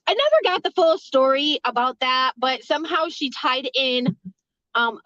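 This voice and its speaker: A high-pitched woman rambles through a storytime, cursing freely and laughing between lines. The recording is dry and a little dull, close and without room sound. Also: a bit bright, no room sound. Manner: rambling, swearing, laughing often. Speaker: vlogger telling a story. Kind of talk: casual storytime.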